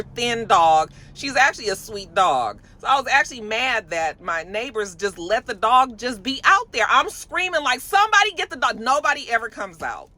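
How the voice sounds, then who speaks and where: A woman hosting a casual commentary show, talking in an animated, profane way that swings from low mutters to loud high exclamations. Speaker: host.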